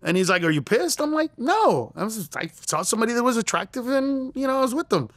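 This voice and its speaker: Middle-aged male comedian as guest, animated storyteller, high and expressive, close dry studio mic. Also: fast, no echo. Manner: acts out quoted lines in a raised voice.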